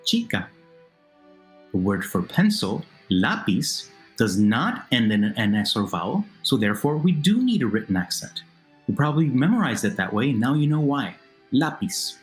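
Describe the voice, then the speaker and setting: A man narrating a language lesson, explaining slowly and carefully and repeating words for the listener, over a noisy voice-over recording. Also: mid-range voice, big pitch swings. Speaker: Spanish teacher. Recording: noisy narration with faint music.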